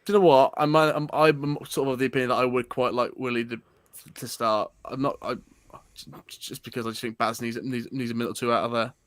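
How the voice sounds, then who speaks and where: An English man with a mid-range voice co-hosts a football fan live stream. He teases his partner and trips over quick restarts. The sound is close and dry. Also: medium pitch, steady tone, no room sound. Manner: teasing, stammering restarts. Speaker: co-host of a football fan show. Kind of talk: casual live-stream chat.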